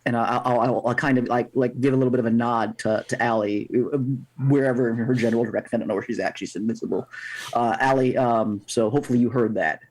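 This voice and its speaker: A man playing a tabletop game as a player, talking in halting bursts and repeating words as he thinks. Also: mid-range voice, steady tone, darkish tone, low-quality recording.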